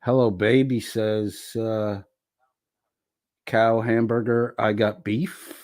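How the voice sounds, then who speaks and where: Low-voiced man riffing on chat. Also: flat delivery, a little mellow, no room sound, studio quality. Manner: profane, wisecracking, reads comments aloud with quick asides. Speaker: livestream host reading chat. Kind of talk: casual chat reading viewer comments.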